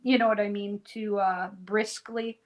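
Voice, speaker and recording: A woman's voice: medium pitch, steady tone, measured pace, rough recording. A woman co-hosting a live crochet stream, chatting casually, laughing often and walking viewers through stitches. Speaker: co-host of a crochet livestream. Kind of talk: casual chat and crochet instruction.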